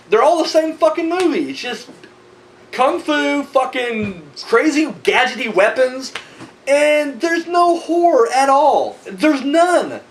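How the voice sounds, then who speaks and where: A man's voice: extremely high pitch, a bit bright, slight background noise, poor audio. A man ranting casually in a video response, profane and rambling, tired and worked up. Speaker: horror movie vlogger.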